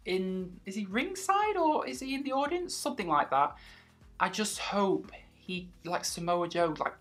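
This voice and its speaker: A woman's voice: on the low side, fairly bright tone. A woman vlogging wrestling predictions in a chatty, casual way, acting out other people's reactions as she talks. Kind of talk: casual chat.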